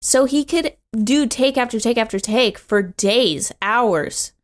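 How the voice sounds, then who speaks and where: A woman's voice: on the high side, animated, takes it slowly. A woman co-hosting a podcast in casual chat, slangy, calling her co-host dude and bro.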